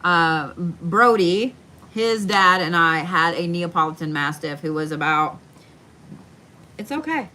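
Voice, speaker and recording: A woman giving a live tarot card reading from home, speaking slowly and soothingly and repeating her reassurances. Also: lowish voice, fairly even intonation, bright, forceful tone. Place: home, indoors.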